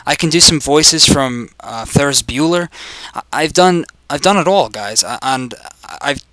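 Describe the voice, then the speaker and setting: A young man giving casual gameplay commentary, swearing and joking, swinging between loud excitement and mumbling asides. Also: fairly high pitch, unhurried, dry recording, low-quality recording. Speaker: video game commentator.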